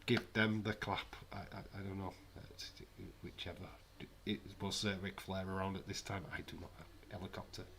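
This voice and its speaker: A man's voice: deep voice, little pitch movement, moderate pace, few pauses, fairly bright tone, a little hiss or hum. Man, casual watch-along host, sarcastic, rambling. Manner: sarcastic, rambling, jokey asides. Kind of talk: casual live wrestling commentary.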